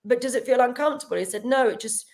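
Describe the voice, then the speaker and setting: A woman chats on a podcast, telling a story with plenty of laughter. She slips into acted-out bits of dialogue as she goes. Her voice sits a little higher than most women's. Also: racing. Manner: animated, laughs often, acts out quoted dialogue. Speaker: healer guest.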